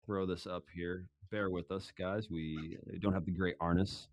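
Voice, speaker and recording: A man's voice: deep voice, steady tone, a little slow, no room sound, clean studio sound. A man with a Midwestern American accent, co-hosting a casual podcast chat in a laid-back, bantering way. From Kansas City area, USA. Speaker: podcast co-host.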